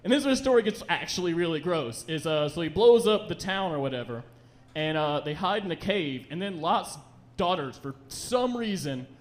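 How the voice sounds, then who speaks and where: Onstage at a comedy club, a young man tells meandering, profane stories and quickly voices the people in them. His pitch is on the high side, with lively intonation.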